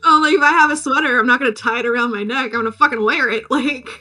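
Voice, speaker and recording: A woman's voice: high voice, quick pace, sharp tone. A young woman co-hosting a podcast, recapping a movie in a rambling, jokey way with lots of "like" and "um". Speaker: podcast co-host. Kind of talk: casual chat.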